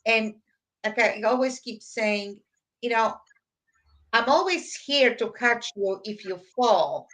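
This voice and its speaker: A woman's voice: fairly high pitch, expressive, takes it slowly, fairly bright tone. A middle-aged woman co-hosting a podcast, giving plain-spoken advice in casual chat. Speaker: podcast co-host.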